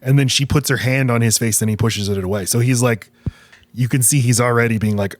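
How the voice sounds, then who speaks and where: A man co-hosting a podcast, explaining his views in a steady, thoughtful way. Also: fairly low pitch, fairly quick. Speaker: podcast co-host. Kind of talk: casual chat.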